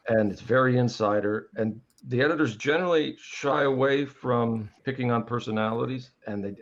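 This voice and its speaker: A man with a somewhat low voice explains his experience fluently and at length. The audio is dull and lo-fi, with the top end missing. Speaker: guest cartoonist. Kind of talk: casual panel chat.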